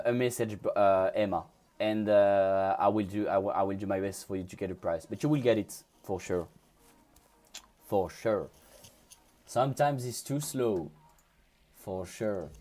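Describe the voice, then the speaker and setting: A French-accented man from France, a native French speaker, chats casually with viewers on his crypto trading livestream. His fairly low, slightly mellow voice is unhurried, and he tends to restart sentences and repeat words.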